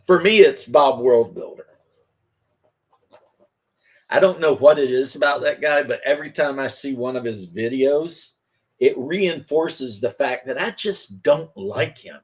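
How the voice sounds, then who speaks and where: Slow, rambling man in his fifties. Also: medium pitch. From Kentucky. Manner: rambling, anecdotal storyteller. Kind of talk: casual chat while crafting.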